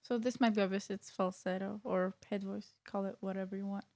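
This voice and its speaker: A woman's voice: mid-range voice, fairly even intonation, fairly quick, a little mellow, soft background music. A woman vocal coach explaining singing technique in a casual reaction video, with frequent fillers and restarts.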